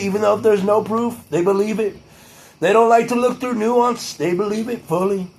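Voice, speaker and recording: A man's voice: high voice, a little hiss or hum, rough recording. A man doing a loose impression of a boastful male politician, rambling and repeating himself. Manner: rambling, repeats "I tell you".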